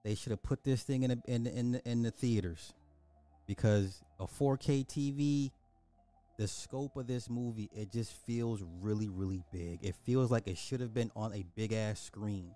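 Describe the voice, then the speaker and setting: A man's voice: on the low side, normal speed, mellow, faint music behind. A man casually reviewing a movie on a stream, talking emphatically and repeating his points for effect.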